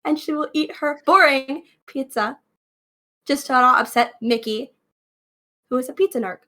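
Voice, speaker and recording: A woman's voice: high-pitched, normal speed, bright, forceful tone. A woman playing her character in a tabletop role-play, bantering in a playful, indignant way.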